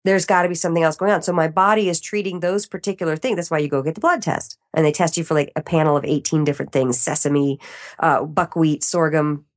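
Low-pitched and quick, a woman chats as a guest in a casual podcast interview. She's energetic and laughs frequently while acting out her reactions.

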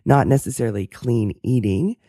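A woman hosting a podcast with a hoarse, cracking voice, talking in an earnest, thoughtful way. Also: extremely low pitch, normal speed, mellow, dry recording, clean studio sound. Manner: earnest, thoughtful, self-deprecating. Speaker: podcast host. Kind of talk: casual interview chat and solo reflection.

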